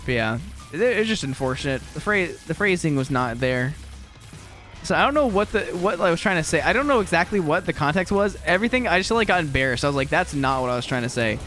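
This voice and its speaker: Young man, casual gameplay commentary, rambling, self-mocking, laughs a lot, slightly high and very lively pitch. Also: fast talker, faint music behind. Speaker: gaming video creator and teacher.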